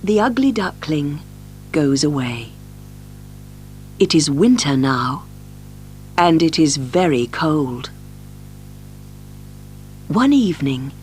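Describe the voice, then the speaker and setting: Woman reading a kids story super slowly, really sing-song, bit of music underneath. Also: low-pitched. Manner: very slow, lively, expressive reading. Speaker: audiobook narrator. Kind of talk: slow storybook reading for learners.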